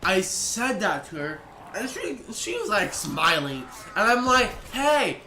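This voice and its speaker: A man's voice: sits high, very animated, a little slow, sharp tone. A young man casually telling a story to his viewers, rambling and restarting sentences, full of "like" and "I'm like". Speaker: vlogger. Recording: echoey room with faint noise.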